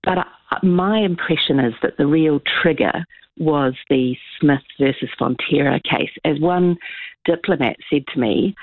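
A woman's voice: deep voice, dry recording. Earnest woman on a tinny phone line. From New Zealand. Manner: measured, earnest explaining with frequent ums. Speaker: political scientist guest. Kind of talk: radio interview over the phone.

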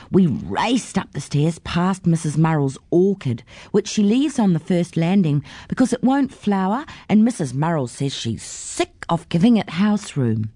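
Woman reading a kids story, low mellow voice that swings all over, dry sound. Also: no echo. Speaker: storybook reader. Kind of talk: first-person children's story narration.

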